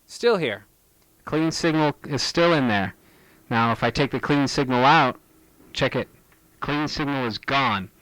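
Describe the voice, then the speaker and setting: A man giving a casual home-recording tutorial in a relaxed, chatty way with friendly asides, speaking into a studio microphone. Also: medium pitch, unhurried, long pauses.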